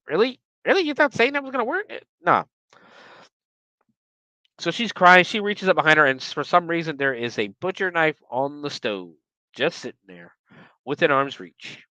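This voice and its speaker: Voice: medium pitch, normal speed, pauses often, clean tone, dry recording. A podcast host recapping a horror movie in a casual, ranting way, swearing freely and getting worked up over the plot. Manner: animated, profane, ranting.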